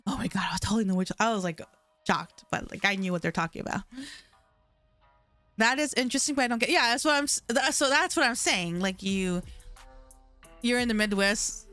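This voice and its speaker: Young woman streamer, chatty and rambling, smooth clear tone, soft music behind. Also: medium pitch. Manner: rambling, chatty, heavy on "like" fillers. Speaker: livestreamer reading chat. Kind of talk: casual chat.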